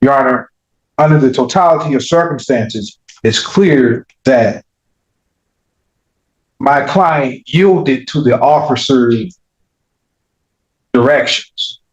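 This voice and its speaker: A man arguing as defense attorney in a courtroom, pressing his points insistently and climbing in pitch as he pushes. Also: slow, pauses often. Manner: argumentative, rising in pitch when pressing a point. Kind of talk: courtroom legal argument. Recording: echoey courtroom, dull audio.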